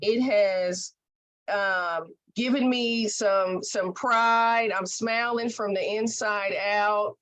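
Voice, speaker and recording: A woman's voice: medium pitch, steady tone, drawn-out words, fairly bright tone. A woman hosting a podcast interview, speaking in an emphatic, folksy, heartfelt way. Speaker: podcast host. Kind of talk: conversational interview.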